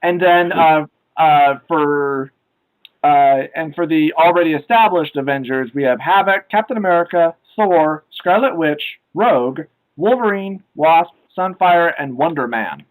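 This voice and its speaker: Rambling young man, slightly high voice. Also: measured pace, rough recording. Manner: rambling, many filler ums and uhs. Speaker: podcast co-host. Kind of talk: casual chat.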